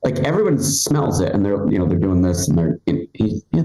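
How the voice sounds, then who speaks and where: Forties guy doing standup, low mellow voice, kinda rambly, echoey club. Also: big pitch swings, fairly quick, hardly any pauses. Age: 40s. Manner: chatty, rambling, loose with fillers and restarts. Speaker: stand-up comedian. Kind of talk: live stand-up set. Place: comedy club stage.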